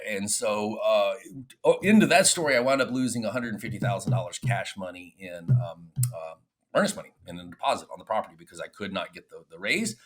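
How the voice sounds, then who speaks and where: A male podcast guest with a mid-range voice who speaks candidly and tells stories with animation. He talks in a relaxed, conversational interview style. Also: fairly low pitch, a little fast. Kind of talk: casual interview storytelling.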